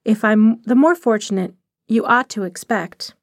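A woman's voice: a little high, measured pace, no room sound, studio quality. Woman voicing a gushing rich young lady. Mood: eager.

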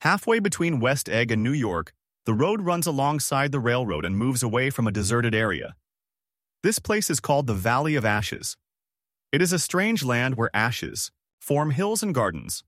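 A man's voice: mid-range voice, very animated, normal speed, fairly bright tone, no room sound. Male narrator for a chapter book, dry close sound. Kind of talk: storybook narration.

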